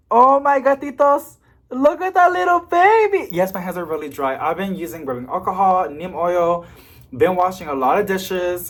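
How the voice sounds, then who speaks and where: A young adult plant vlogger at home, chatting casually and rambling, with sudden excited squeals. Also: medium pitch, slight background noise. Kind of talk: casual vlog chat. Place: home among houseplants.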